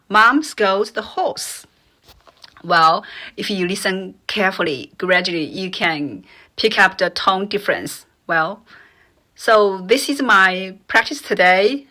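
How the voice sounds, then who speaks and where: Slow, bright-voiced woman teaching tones. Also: mid-range voice, animated. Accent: Mandarin Chinese. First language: Mandarin Chinese. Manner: demonstrates tones by repeating syllables slowly. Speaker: Chinese language teacher. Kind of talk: slow, careful pronunciation lesson.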